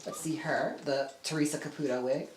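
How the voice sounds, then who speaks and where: A man streaming live as a drag performer and wig stylist, trying on wigs and chatting in a campy way with quick laughing asides. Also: fairly high pitch, a little hiss or hum. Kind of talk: casual live-stream chat.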